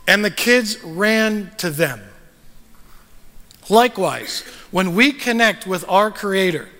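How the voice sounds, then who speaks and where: A man's voice: high-pitched, pushed and bright, big-room sound. A man pastor giving a sermon to his congregation, speaking in a conversational storytelling way with frequent fillers. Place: church sanctuary.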